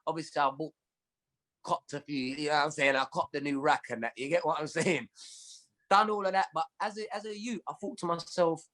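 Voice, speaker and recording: Animated London comedian, slang-heavy storytelling. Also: male voice, on the high side, a little fast. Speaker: comedian guest. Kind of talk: casual chat.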